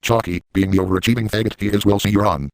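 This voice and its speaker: A man narrating in first person as a crude, manic adult man boasting about outrageous deeds, with a rapid, gleeful, deadpan delivery. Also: lowish voice, no room sound, natural voice, low-quality recording.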